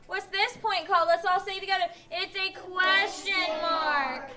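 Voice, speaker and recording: A woman's voice: very high voice, fairly even intonation, normal speed, heavy background noise. A woman teaching young pupils in a classroom, patiently asking questions and acting out example sentences. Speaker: elementary school teacher. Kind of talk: classroom instruction.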